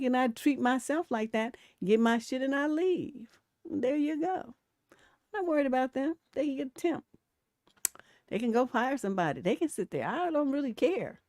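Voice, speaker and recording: A woman's voice: high-pitched, no echo, studio quality. Blunt, laughing woman live-stream host. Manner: blunt, laughing, acts out quotes in animated voices. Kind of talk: casual live stream commentary.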